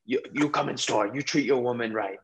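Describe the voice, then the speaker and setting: A man's voice: mid-range voice, brisk, creaky, a little hiss or hum, voice pushed up, close to an everyday voice. A man putting on a pushy male market shopkeeper with a Chinese-accented English and coaxing broken English.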